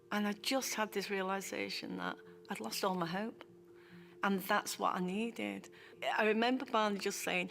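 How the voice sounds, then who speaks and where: A woman's voice: medium pitch, steady tone, moderate pace, gravelly, fairly bright tone, faint music behind. Heartfelt woman telling her own story. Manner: heartfelt, repeats phrases for emphasis. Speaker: former client giving a testimony. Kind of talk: filmed personal testimony.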